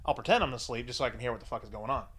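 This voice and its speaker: A man's voice: medium pitch, rapid-fire, a bit bright, a little hiss or hum. A man casually telling crude anecdotes on a podcast, acting out the dialogue and laughing often. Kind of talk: casual storytelling chat.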